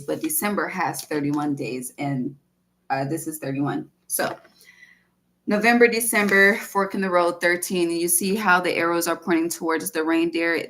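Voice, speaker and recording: A woman reads tarot cards in a loose, rambling way, cursing casually and talking straight to her listener. Her voice sits a little low for a woman. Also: a bit bright. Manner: rambling, profane and chatty. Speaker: tarot reader.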